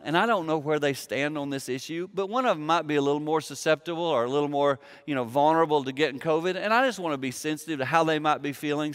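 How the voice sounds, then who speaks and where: A man's voice: a little high, a bit bright, smooth, big-room sound. A man giving a sermon as a pastor, telling a personal story in a conversational way and acting out the dialogue. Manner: conversational, acts out quoted dialogue.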